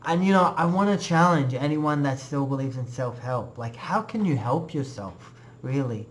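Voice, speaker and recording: A man's voice: mid-range voice, animated, normal speed, a little hiss or hum. A young man giving a casual, earnest personal testimony in a web class, rambling with many fillers.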